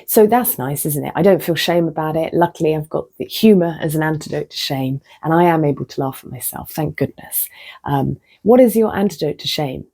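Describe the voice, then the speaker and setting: A woman vlogging in a low, husky, mellow voice. She tells her own story candidly and laughs at herself. Her voice slips into soft near-whispers now and then. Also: fairly quick. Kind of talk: casual reflective monologue.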